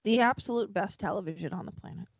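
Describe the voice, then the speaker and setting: A man voicing a gruff, rambling older father who speaks bluntly and chuckles between lines. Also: high voice, quick pace, no echo, full character voice. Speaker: panelist.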